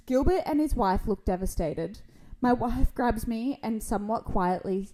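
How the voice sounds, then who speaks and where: A woman with a fairly high voice reading a story aloud on a podcast. She chats casually between passages and keeps sounding amused. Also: expressive, unhurried, warm tone, poor audio. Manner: amused, often laughing while reading. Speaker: podcast co-host reading stories.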